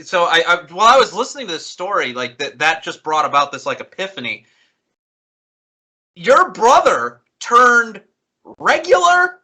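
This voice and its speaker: Male podcast co-host, bright, animated, restarts often. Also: very high-pitched, rough recording. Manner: animated, building up intensity, restarts. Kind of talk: podcast discussion.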